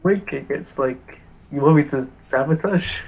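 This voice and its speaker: A man casually playing a tabletop game, relaxed and joking. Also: a little high, a little slow, creaky, poor audio. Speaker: player.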